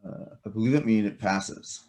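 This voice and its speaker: A man's voice: on the low side, moderate pace, darkish tone. A man running a tabletop game as game master, explaining the scene at length with many fillers and restarts.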